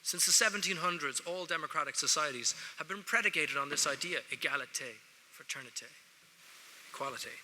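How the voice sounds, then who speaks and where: A man's voice: a little high, animated, fairly quick, sharp tone, slight background noise. An Irish man giving a joking, wry speech to students at an award ceremony, talking straight to the audience from a lectern. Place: large ceremony hall. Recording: echoey large hall.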